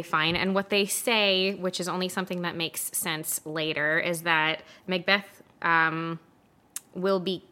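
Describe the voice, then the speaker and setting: A woman co-hosting a casual podcast chat, recapping a film story with lively acted-out quotes, frequent laughs and casual swearing. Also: fairly low pitch. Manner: animated, acts out characters in quick quotes, laughs often, swears casually. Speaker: podcast co-host.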